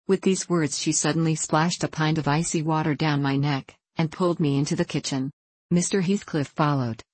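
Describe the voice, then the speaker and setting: Low-voiced woman reading an audiobook. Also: darkish tone, dry recording. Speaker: audiobook narrator. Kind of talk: scripted narration.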